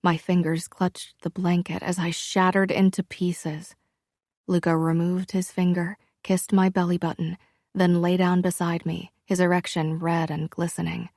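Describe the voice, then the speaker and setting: A woman narrates a first-person romance audiobook, reading slowly and intimately. Her voice is low-pitched with a gravelly rasp. The recording is dry and close. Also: flat delivery, a little mellow, no echo.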